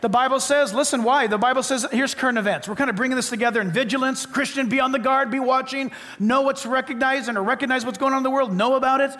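A man's voice: very high-pitched, fast talker, few pauses, pushed and bright. An American man preaching a sermon in emphatic, repetitive, punchy short phrases. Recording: long reverb of a large hall.

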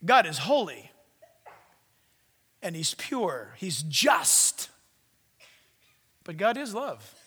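A man preaching a sermon, swinging from loud commands to hushed asides. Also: high voice, very animated, drawn-out words, long pauses, breathy edge, in a large hall. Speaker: pastor.

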